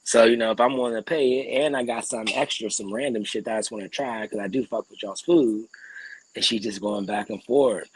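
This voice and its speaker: Husky man ranting, clearing his throat. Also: lowish voice, fairly quick, no echo, rough recording. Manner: animated, profane ranting with frequent throat clearing. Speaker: podcast co-host. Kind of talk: casual podcast storytelling.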